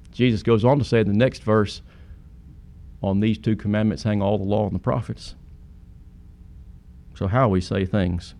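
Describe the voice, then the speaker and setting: Guy preaching a sermon, earnest, voice jumps up loud for emphasis. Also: a little high. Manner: earnest, rising to sudden emphatic peaks.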